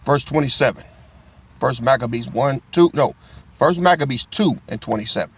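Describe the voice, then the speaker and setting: Gravelly, profane middle-aged storyteller man. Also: medium pitch, normal speed. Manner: profane, laughing, street-talk storytelling. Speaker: Bible teacher. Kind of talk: casual storytelling lesson.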